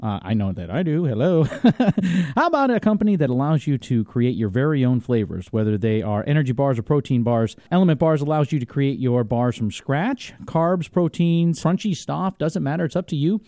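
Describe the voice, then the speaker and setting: A man's voice: medium pitch, animated, moderate pace, warm tone, dry recording. A young man hosting a talk radio show, chatting casually in a studio and laughing often.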